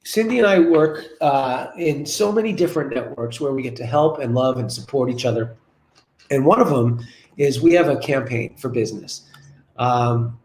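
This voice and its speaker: Energetic man in his forties, roomy echo. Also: mid-range voice. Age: 40s. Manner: energetic, repetitive, storytelling. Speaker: guest business coach. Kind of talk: web show interview. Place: his office. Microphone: video call.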